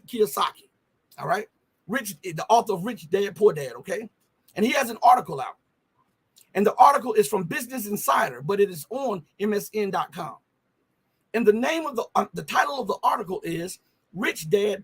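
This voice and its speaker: This live news commentary host has a high, somewhat bright, husky voice. He speaks emphatically, piling up rhetorical questions and repeatedly asking "okay?" and "right?".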